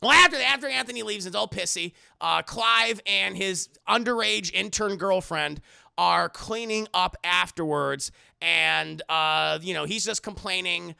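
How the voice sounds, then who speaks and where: High-pitched gravelly streamer dude, swears a lot, bright sharp tone, dry close sound. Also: male voice, measured pace, no room sound. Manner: profane, rambling, talks straight to chat. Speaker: film reviewer streaming live. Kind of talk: casual spoiler recap to a live chat.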